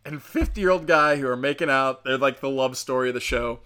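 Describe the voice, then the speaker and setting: A man's voice: mid-range voice, a little fast, few pauses, bright, forceful tone, clean tone. A man hosting a podcast, telling a show's story in a rambling, profane, joking way. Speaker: podcast host. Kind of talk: casual rambling show recap.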